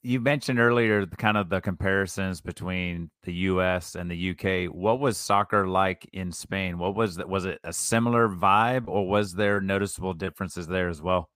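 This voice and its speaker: A man's voice: deep voice, normal speed, few pauses, fairly bright tone, no room sound, studio quality. A man hosting a podcast, asking an interview guest conversational follow-up questions. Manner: conversational, follows up on earlier points. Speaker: podcast host.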